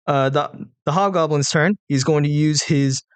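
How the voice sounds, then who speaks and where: This is a man running a tabletop game, describing attacks and damage in a casual, rambling way with lots of filler words. His voice sits slightly on the higher side for a man. The recording is close and dry, with no room sound. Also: moderate pace, smooth, no echo. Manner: casual, loose narration with many fillers. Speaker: game master.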